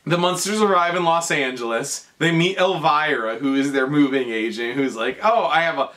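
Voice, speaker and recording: A drunk young man lurches through a movie recap. His voice is slightly raised and very bright, and he keeps restarting and swearing as he goes. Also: fairly high pitch, normal speed. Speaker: drunk guest recounting a movie. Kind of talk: rambling drunken plot recap.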